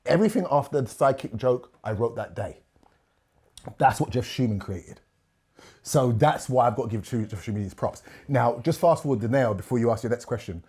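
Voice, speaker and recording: A man tells stories as a podcast guest. His tone is mellow and relaxed, and he stays animated throughout, often repeating words and acting out the lines of the people in his stories. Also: lowish voice, fairly quick, slightly rough. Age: 50s. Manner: animated, repeats words, quotes others at length. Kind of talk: casual storytelling.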